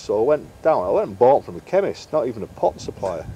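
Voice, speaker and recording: A man's voice: mid-range voice, very animated, fast, warm tone, a little hiss or hum. A middle-aged man, a guest in an interview, telling fishing stories in a chatty way and acting out the dialogue. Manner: chatty anecdotal, acts out quoted dialogue. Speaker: interview guest, carp angler and bait maker. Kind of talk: casual storytelling interview.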